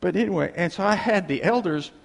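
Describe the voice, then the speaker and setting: A man preaching a sermon, telling stories in an animated way and acting out the voices of the people in them. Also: sits high, brisk, creaky, in a large hall. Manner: animated storytelling, acting out quoted voices with laughs.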